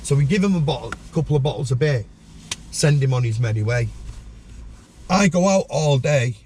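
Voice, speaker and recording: A man talks through a gritty tale as a podcast guest. His voice sits mellow and dark, and he flicks sharply upward when he plays out other people's words. A faint hiss runs underneath. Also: normal speed. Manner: animated storyteller, acts out voices with sudden high pitch. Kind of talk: storytelling in a podcast interview.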